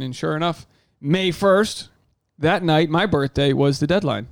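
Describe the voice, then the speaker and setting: A man in his thirties chats as a podcast co-host, swearing freely and acting out little scenes in an animated way. His voice sits a touch high. The sound is dry and close, with little room. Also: unhurried, dry recording. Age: 30s. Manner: animated storyteller, swears freely, acts out quotes in a higher voice. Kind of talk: casual chat. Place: home.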